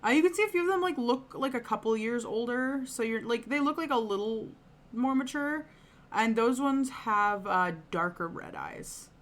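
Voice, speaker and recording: A woman's voice: fairly high pitch, normal speed. Chatty woman running a tabletop game. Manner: chatty, many "like" fillers. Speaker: game master. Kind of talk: narrating a tabletop game on stream.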